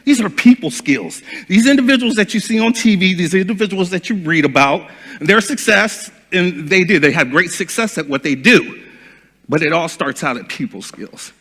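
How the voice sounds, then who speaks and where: A man giving a seminar talk as a speaker and trainer, animated and acting out dialogues. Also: high voice, breathy edge, in a large hall.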